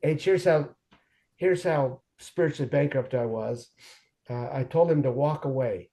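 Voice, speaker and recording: A man in his forties with a mellow, warm tone, telling his life story in an earnest, lively way. He slips into quoted dialogue as he recounts events for an interviewer. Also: on the high side, moderate pace. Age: 40s. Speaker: guest sharing his recovery story. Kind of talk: conversational storytelling.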